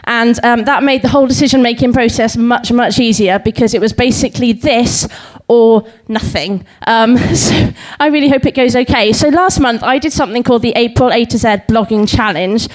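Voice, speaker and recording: A woman's voice: a little high, moderate pace, hardly any pauses, poor audio. A young woman giving a comic talk of limericks to a live audience, giggling and umming often. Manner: giggly, many ums, self-deprecating. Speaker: speaker at a live talk event. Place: pub venue before a live audience.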